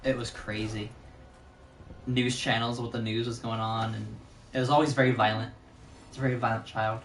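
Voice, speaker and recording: A man's voice: medium pitch, level tone, normal speed, a bit bright, a little hiss or hum. A man streaming a game, chatting casually, laughing often and breaking into silly voices. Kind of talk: casual chat while gaming. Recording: roomy echoey room.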